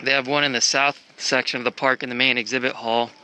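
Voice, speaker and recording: Bright-voiced man rambling on a walk. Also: medium pitch, little pitch movement, fast talker, a little hiss or hum. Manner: rambling, thinks aloud, swears casually. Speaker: traveler filming a walk. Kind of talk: casual vlog narration. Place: outdoor park.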